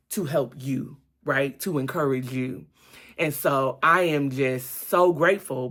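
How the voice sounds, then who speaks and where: A woman recounts a personal adventure as a lesson of faith. She speaks casually and with animation, addressing her viewers directly. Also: low voice. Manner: animated, addresses viewers as "y'all", laughs and exclaims often. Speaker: vlogger. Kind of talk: casual faith-based storytelling vlog.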